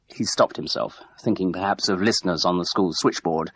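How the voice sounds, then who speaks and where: A man narrating an audiobook with steady, expressive storytelling. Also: deep voice, brisk, hardly any pauses, breathy edge. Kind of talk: scripted narration.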